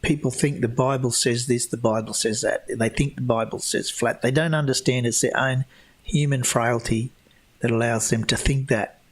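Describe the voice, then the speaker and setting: A man hosting a casual livestream Q&A, answering chat questions in a rambling way with many restarts and a scornful tone toward flat-earth believers. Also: medium pitch, moderate pace, slightly rough.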